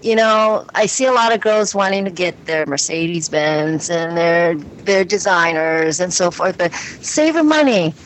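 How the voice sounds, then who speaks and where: A woman's voice: on the low side, unhurried, hardly any pauses, slight background noise, poor audio. Earnest woman giving advice. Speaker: panel guest. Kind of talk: advice in panel talk.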